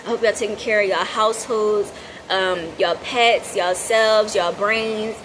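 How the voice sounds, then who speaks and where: A woman's voice: mid-range voice, fairly even intonation, measured pace. Fired-up profane woman vlogger, noisy recording. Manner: profane, emphatic, repetitive. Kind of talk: heated monologue to viewers.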